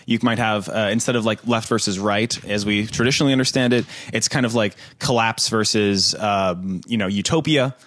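A young man co-hosting a podcast, talking in a deadpan, joking way in casual chat. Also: fairly low pitch, normal speed, few pauses, no echo. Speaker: podcast co-host.

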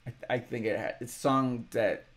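A man musician talking casually about his own songs, halting and rambling with many restarts. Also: mid-range voice, a bit bright. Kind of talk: casual reflective monologue.

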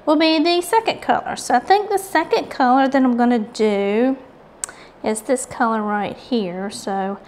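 A woman with a Southern US accent hosts a casual craft video, chatting and rambling as she works and poking fun at herself. Her voice sits on the high side with a darkish tone, and she keeps a measured pace.

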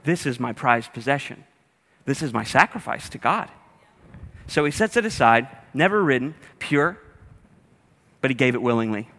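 A man's voice: medium pitch, animated, moderate pace, long pauses, sharp tone, big-room sound. A man preaching a sermon as a pastor, talking in a humorous, conversational way straight to his congregation. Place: church auditorium with a congregation.

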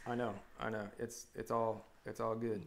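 A man's voice: lowish voice, level tone, moderate pace, vocal fry, slight background noise. A man in his thirties co-hosting a live stream, reading viewer comments aloud in an upbeat, joking way. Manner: upbeat, reads comments aloud, hums while scrolling. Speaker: co-host.

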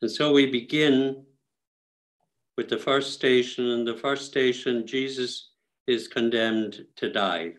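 Slow, measured Irish priest. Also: male voice, medium pitch, rough recording. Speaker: priest leading Stations of the Cross. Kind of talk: prayer meditation. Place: outdoors on a hillside.

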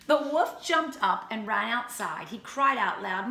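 A woman teacher reads a storybook to young children with slow, expressive pacing. Her voice is bright and clear. The room around her is echoey, with a faint hum of background noise. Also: fairly high pitch. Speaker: first grade teacher. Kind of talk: reading a picture book aloud to children. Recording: roomy echo, faint ambient noise.

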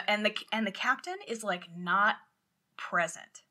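A woman co-hosting a podcast, telling a story in casual chat, animated and swearing as she acts out quotes loudly. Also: medium pitch, unhurried. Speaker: podcast co-host.

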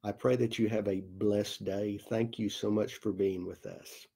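Slow, gravelly-voiced male pastor. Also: on the low side, steady tone, mellow. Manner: slow, deliberate storytelling with long dramatic pauses. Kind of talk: sermon storytelling in a recorded Bible study.

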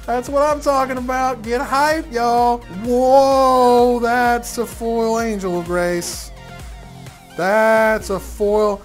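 A woman's voice: a little high, steady tone, takes it slowly, faint music behind. A woman hosting a live stream, hyped up and whooping, calling the viewers y'all as she opens card packs.

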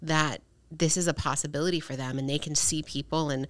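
A woman's voice: low-pitched, fairly even intonation, fairly quick, fairly bright tone, no room sound. A woman hosting a podcast, talking earnestly and chattily, often tagging her points with "right?". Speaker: podcast host. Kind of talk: casual conversational interview.

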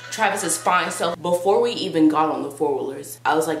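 A woman's voice: low voice, a little fast, gravelly, hardly any pauses, faint music behind. A young woman vlogger telling a comic story in a dramatic, sarcastic, exaggerated way. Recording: roomy with faint hum.

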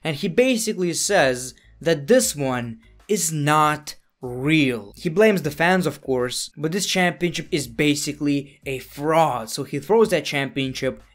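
A man talking through last night's wrestling in a loose, off-the-cuff voice-over. His voice sits on the higher side for a man, and he swings from flat sarcasm to sudden excited outbursts. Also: a little slow, hardly any pauses, soft background music. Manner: excitable, jokey, sarcastic asides. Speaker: wrestling reviewer. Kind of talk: casual show recap. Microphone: voice-over, no camera.

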